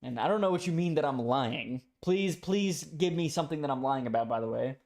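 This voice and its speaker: A man's voice: on the high side, lively intonation, brisk, gravelly, a little mellow. A young man in a heated, profane casual rant as a streamer. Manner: profane, ranting, emphatic.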